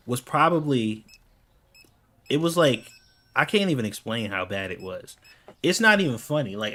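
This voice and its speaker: A man's voice: mid-range voice, a bit bright. A man in the middle of his range tells stories casually over gameplay. He swears freely and sounds exasperated, breaking into laughter often. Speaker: gaming video creator.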